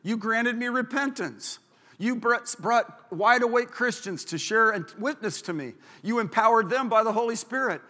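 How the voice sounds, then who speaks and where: A male pastor delivers an emphatic sermon in a high, bright voice. He stretches out key words to press them home. His voice rings with the long reverb of a large church hall. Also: moderate pace. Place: church auditorium.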